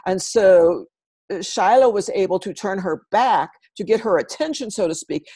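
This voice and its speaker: A woman, a guest animal communicator, telling stories in a casual interview and growing animated when quoting. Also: medium pitch, moderate pace, slightly rough, dry recording.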